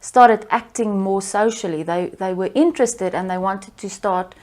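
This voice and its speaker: Woman, therapist, interview discussion, measured and reflective, mid-pitched voice. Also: a little mellow. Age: adult parent. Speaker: therapist for children with concentration issues.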